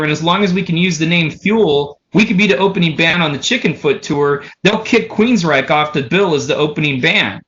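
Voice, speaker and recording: A man with a fairly high, bright, forceful voice tells a rambling story, swearing freely and acting out what others said. He keeps the thread going with "so anyway" and "he goes". The sound is a bit dull and lo-fi. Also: a little fast, hardly any pauses, a little hiss or hum. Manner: animated, profane, runs stories with "he goes" and "so anyway". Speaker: drummer and podcast guest. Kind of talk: casual storytelling.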